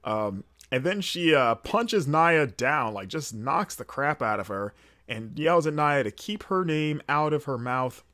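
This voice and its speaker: A man's voice: on the high side, animated, measured pace, sharp tone. Chatty man rambling through a recap. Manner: rambling and chatty, with frequent fillers and self-corrections. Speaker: podcast host. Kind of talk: casual solo recap commentary.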